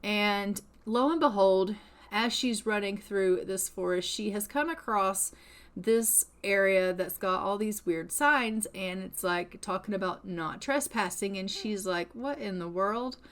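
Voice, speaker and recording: A woman telling a life-sim game story out loud in loose, casual narration. She keeps slipping in fillers and speaks in an everyday middle pitch. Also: measured pace. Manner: chatty, many fillers like "like" and "you know".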